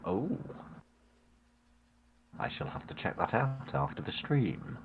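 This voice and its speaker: A man's voice: medium pitch, very animated, slow, gravelly, narrow, tinny audio, slight background noise. A man chatting playfully on a stream call, often teasing the others. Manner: playful and teasing, jokes around. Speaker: guest on a stream chat. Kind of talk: casual stream chat.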